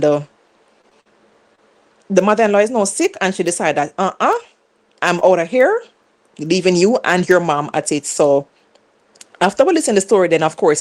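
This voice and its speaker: Chatty Caribbean woman hosting live. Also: sits low. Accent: Caribbean English. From Caribbean island. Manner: chatty, laughing, questions to viewers. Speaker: live show host. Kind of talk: casual live reaction chat.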